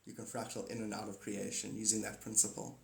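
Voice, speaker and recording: A man's voice: fairly low pitch, little pitch movement, quick pace, vocal fry, echoey room. A man chatting loosely on a phone live stream, rambling between ideas and greeting viewers by name. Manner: rambling, playful, breaks into silly singing and greetings. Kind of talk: casual live stream chat.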